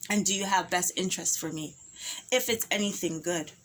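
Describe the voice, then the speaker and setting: A woman's voice: on the low side, a little fast, fairly bright tone, a little hiss or hum. A woman speaking an impassioned personal monologue, emphatic and repetitive, full of rhetorical questions.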